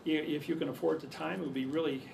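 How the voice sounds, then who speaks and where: A man's voice: a little high, fairly even intonation, quick pace, creaky, darkish tone. A man telling rambling stories to a crowd, restarting his sentences over and over. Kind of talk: casual storytelling. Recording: distant mic, faint background noise.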